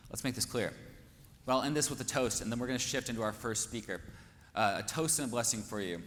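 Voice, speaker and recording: A conference host from Kansas speaks fast in a medium-pitched, fairly bright voice, delivering an earnest, rousing speech packed with rhetorical questions into a stage microphone. The large hall sounds echoey, with faint noise.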